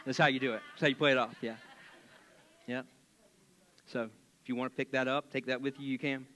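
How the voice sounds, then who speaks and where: A man's voice: medium pitch, brisk. A man preaching as a pastor in a church, telling a Bible story casually with jokes and acted-out voices. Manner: animated, joking, acts out voices.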